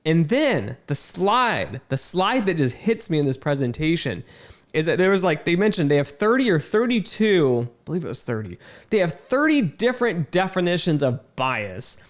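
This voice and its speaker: A man delivers an exasperated talking-head rant, his voice sitting a little high for a man. He talks emphatically and incredulously, restarting sentences and repeating words as his irritation builds. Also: big pitch swings, moderate pace. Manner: emphatic, repeats himself, many fillers and restarts. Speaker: video host.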